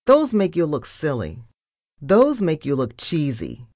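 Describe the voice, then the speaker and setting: A woman voicing a bubbly, blunt young female mouse assistant with a squeaky voice. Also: huge pitch swings, unhurried, a little mellow, dry recording, studio quality, full character voice. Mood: bossy.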